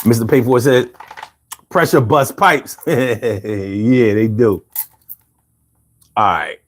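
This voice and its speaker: A man's voice: medium pitch, slow. A man hosting a livestream podcast, chatting casually and reading viewer comments with loose, profane banter.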